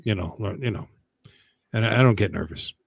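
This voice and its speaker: A man's voice: fairly low pitch, a little fast, creaky, no room sound. A man hosting a casual livestream chat from home, rambling and joking, often stopping himself mid-sentence. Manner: rambling, jokey, self-interrupting. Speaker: host.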